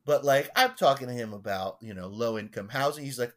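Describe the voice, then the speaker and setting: A man, a pastor, telling stories in a casual podcast chat, halting and rambling with many restarts. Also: medium pitch, a bit bright.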